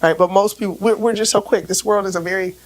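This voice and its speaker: A woman with a raspy voice from laryngitis, speaking as a relationship expert on a casual podcast and explaining with everyday examples. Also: mid-range voice, steady tone, quick pace, poor audio. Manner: explains with everyday examples, frequent "right?" checks; repeats words when starting sentences.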